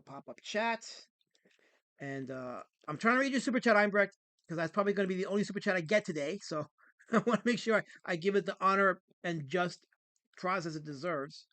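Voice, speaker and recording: A man hosts a casual livestream and answers viewer comments with sarcastic, mock-offended rants. His voice sits high for a man, and the sound is dry and close. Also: fairly bright tone, no echo. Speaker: livestream host.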